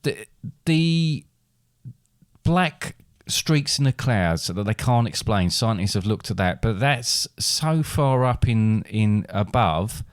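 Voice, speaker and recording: A man's voice: fairly low pitch, expressive, slow pace, no room sound, clean studio sound. A man co-hosting a casual podcast, talking hesitantly with many restarts. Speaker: podcast co-host. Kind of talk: casual chat.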